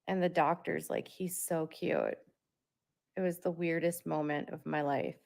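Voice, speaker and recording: Low, gravelly-voiced woman vlogging. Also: steady tone, moderate pace, darkish tone. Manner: rambling, talks through filler words. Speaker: parent vlogger. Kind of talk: casual monologue to viewers.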